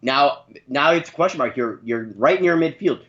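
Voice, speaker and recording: Lively man on a dull lo-fi line. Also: on the high side, moderate pace. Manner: lively, opinionated about plays. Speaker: guest co-host. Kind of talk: casual game reaction chat.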